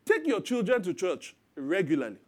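A man in his thirties preaching a sermon as pastor, lively and acting out parents and children in quoted voices. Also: sits high, moderate pace.

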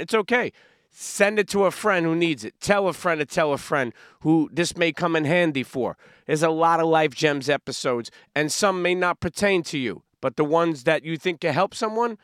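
A man's voice: fairly high pitch, a bit bright, dry recording, clean studio sound. A man hosting his own podcast, giving earnest motivational talk on parenting and repeating catchphrases with many "okay"s and "right"s. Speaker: podcast host.

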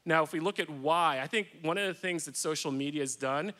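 A man's voice: on the high side, a little fast, pushed and bright. A man who coaches executives, speaking earnestly and emphatically in a panel discussion.

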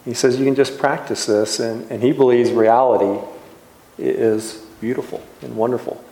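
A man, a pastor, giving a reflective sermon in a gentle, unhurried way with soft trailing pauses. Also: medium pitch, fairly even intonation. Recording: echoey room.

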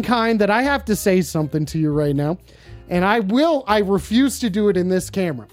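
A live-stream host in their thirties taking phone calls, talking in a loud, profane, casual way and often bursting into shouts. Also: medium pitch, a little fast, over music. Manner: excitable, swears constantly, bursts into shouting.

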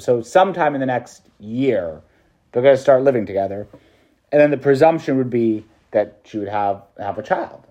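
A man's voice: medium pitch, dark tone, lo-fi sound. A male priest preaching a meditation to students in a casual, chatty way, with slang and laughter.

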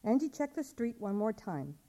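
A woman's voice: on the high side, very animated, normal speed, mellow. A woman author reading her short story aloud at a public event, narrating plainly and voicing the dialogue.

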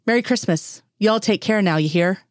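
A woman's voice: mid-range voice, normal speed, dry recording, clean studio sound, close to an everyday voice. A woman reading the lines of a friendly rural man with a drawl. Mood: folksy. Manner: folksy and genial. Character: friendly rural man who helps stranded drivers.

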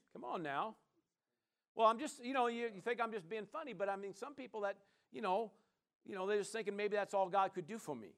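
A man preaching a sermon, his voice sitting a little high for a man. He talks in a loose, conversational way, full of fillers and call-and-response amens. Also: brisk. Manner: casual, conversational delivery with many fillers. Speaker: pastor.

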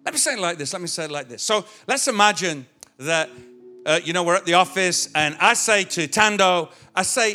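A man's voice: high-pitched, animated, a little fast, pushed and bright, soft background music. A male pastor preaching a sermon in a conversational, illustrative way, with touches of humor. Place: church.

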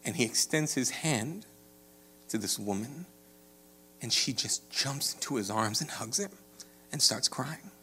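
A male pastor delivers a sermon in a relaxed, conversational way, often checking in with his listeners. His voice sits at an ordinary middle pitch for a man. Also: unhurried, long pauses, a little hiss or hum. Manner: conversational, rising to animated storytelling with frequent "right?".

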